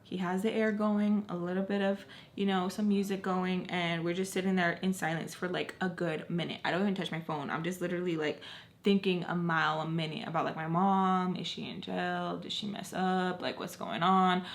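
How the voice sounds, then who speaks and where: A young adult woman vlogger chatting through a storytime, retelling events in an animated, casual way full of likes. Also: lowish voice, normal speed.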